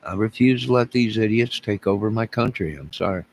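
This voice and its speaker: A man's voice: on the low side, a little fast, poor audio. A man hosting his own video channel, talking in a rambling, digressive way with frequent restarts. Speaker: YouTube channel host. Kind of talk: rambling solo vlog.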